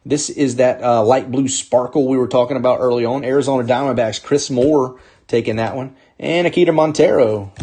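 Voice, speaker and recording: A man's voice: mid-range voice, a little fast, dark tone, breathy edge. A man hosting a live sports card break, upbeat as he calls out players and teams while opening packs.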